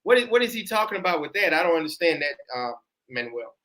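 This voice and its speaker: A man's voice: a little high, big pitch swings, quick pace, crowd noise. A man co-hosting a casual chat, rambling and repeating himself as he talks.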